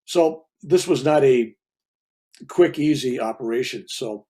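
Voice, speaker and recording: A man's voice: mid-range voice, a little slow, dark tone, husky. An older man, a reverend, telling a spiritual story in a casual, rambling way. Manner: rambling, casual, with restarts and asides. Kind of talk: conversational storytelling.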